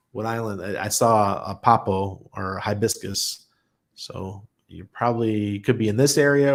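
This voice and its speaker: This crypto channel host is a middle-aged man with a lowish, creaky voice. On his relaxed livestream he chats, spins stories with easy laughter, and reads viewer comments aloud.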